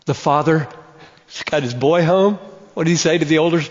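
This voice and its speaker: A man preaching a sermon, emphatic and deliberate, with slow dramatic pauses that build to a point. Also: fairly high pitch. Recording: muffled, long hall reverb.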